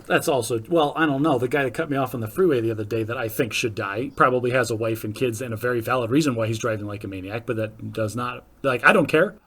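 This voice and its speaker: A man's voice: medium pitch, quick pace, hardly any pauses. A man co-hosting a podcast, rambling animatedly and joking, full of "like" fillers. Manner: animated, rambling, jokey with frequent "like". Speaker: podcast co-host. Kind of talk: casual chat.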